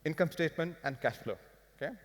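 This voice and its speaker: A man giving a live finance talk to an audience, animated and firing rhetorical questions at the crowd. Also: fairly high pitch, fast talker. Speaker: business speaker. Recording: long hall reverb.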